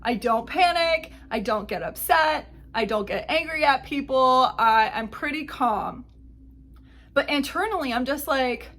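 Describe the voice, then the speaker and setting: A woman's voice: sits high, measured pace, fairly bright tone. A woman hosting a podcast, telling a travel story in casual chat and acting out the exchanges she quotes. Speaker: podcast host.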